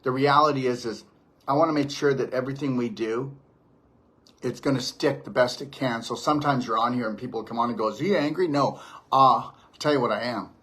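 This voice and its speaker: A man's voice: mid-range voice, steady tone, brisk, fairly bright tone, breathy edge. A man, a detox practitioner, giving an impassioned, preachy monologue to camera and repeating his stock phrases. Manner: emphatic and preachy, repeats "the reality is". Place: home near a beach.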